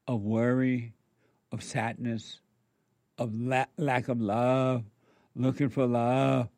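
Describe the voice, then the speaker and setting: A man's voice: mid-range voice, little pitch movement, takes it slowly, pauses often, a little mellow, no room sound. A man preaching a spiritual sermon, emphatic and repetitive, firing rhetorical questions at his listeners.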